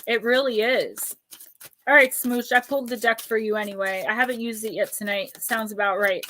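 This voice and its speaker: A woman hosting a live stream, chatting warmly with viewers and giving oracle card readings, slowing into a soothing cadence when she reads a card's message. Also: fairly high pitch, steady tone, a little hiss or hum. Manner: chatty and affectionate, reads cards aloud in a slow soothing cadence.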